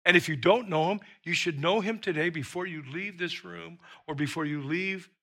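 A man's voice: a little high, normal speed, bright, forceful tone. A man preaching a sermon as pastor, emphatic and repeating himself for stress. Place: church with an online audience.

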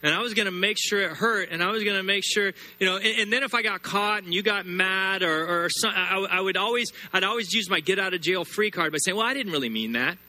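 High-voiced, sharp preacher. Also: male voice. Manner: emphatic, repeats words and builds phrases, slows sharply on scripture. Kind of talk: sermon.

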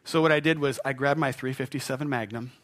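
A middle-aged male pastor tells a personal story from the pulpit. He is animated and self-mocking, and he keeps chuckling at himself. His voice is of middle pitch. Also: fast talker. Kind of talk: storytelling sermon.

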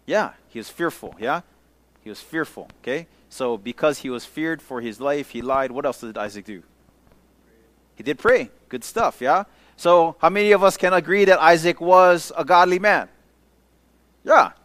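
A pastor giving a casual Bible-study sermon, talking conversationally with slang and often checking in with his listeners, sometimes dropping to a hushed near-whisper. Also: on the high side, lively intonation, moderate pace.

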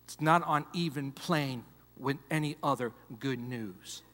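Man, pastor, slow deliberate sermon, repeats key phrases, church sanctuary. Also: mid-range voice. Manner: preaching with repetitions, swings from loud emphasis to hushed. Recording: long hall reverb.

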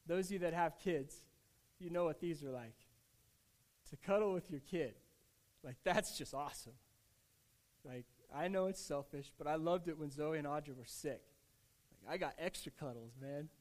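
A male pastor with a notably high voice delivers a heartfelt sermon. He talks in a conversational way, restarting phrases and dropping casual asides. His delivery dips to a near hush and then rises to emphatic, louder stretches. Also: moderate pace, pauses often. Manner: earnest, with swings between hushed and emphatic delivery.

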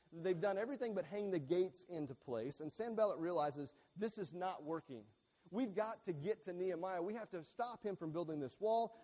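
High-voiced preacher in a reverberant hall. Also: male voice, a little mellow. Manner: earnest and emphatic, repeats key phrases, stumbles and restarts words. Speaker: pastor. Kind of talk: sermon. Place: church sanctuary with a screen behind him.

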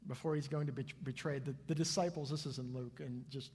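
A male pastor preaching a sermon with earnest swings between soft and loud delivery, in a church sanctuary. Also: mid-range voice, fairly even intonation, fairly quick, breathy edge. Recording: long hall reverb.

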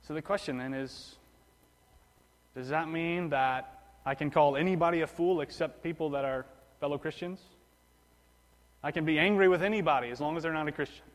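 A male pastor delivers a sermon in a plain, conversational way, often going back over his words and restarting phrases. His voice sits a little high for a man. A long reverb from the hall trails each phrase. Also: normal speed, long pauses. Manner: conversational preaching with repetitions and restarts.

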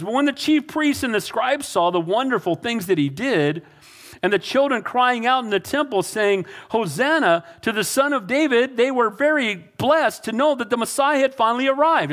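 High-voiced man preaching a sermon. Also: animated, normal speed, a bit bright. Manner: emphatic, repetitive calls to the congregation. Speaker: pastor.

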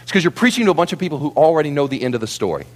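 A man preaching a sermon to a congregation, telling the story in an animated, theatrical way. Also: a little high, very fast. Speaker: pastor.

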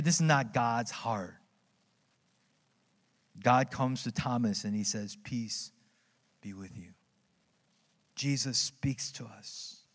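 Pastor man, animated storytelling sermon. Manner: conversational storytelling with dramatic pitch swings, many tag questions. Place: church sanctuary. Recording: long hall reverb.

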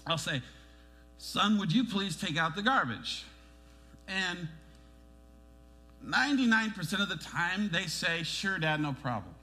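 Animated preaching man, high lively voice. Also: slow, pauses often, faint music behind. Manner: animated preaching, rising emphasis, acts out quoted voices. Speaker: pastor. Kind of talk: sermon.

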